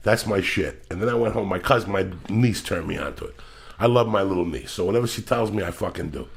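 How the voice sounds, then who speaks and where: A middle-aged man with a gravelly, somewhat low voice hosts a casual podcast. He tells stories in a profane, animated rush and swears constantly. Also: fast talker. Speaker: podcast host.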